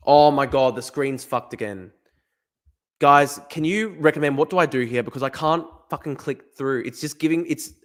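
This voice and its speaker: A young man with an Australian accent talks to his live-stream chat, muttering his guesses aloud and swearing freely. His voice sits at an ordinary middle pitch. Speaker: livestreamer. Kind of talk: casual live-stream commentary.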